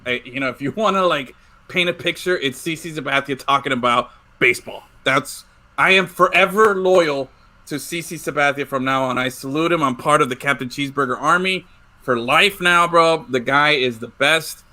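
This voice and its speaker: A male host of a sports talk show, excitable and casual, tagging sentences with "bro". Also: on the high side, moderate pace. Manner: excitable, says "bro" a lot.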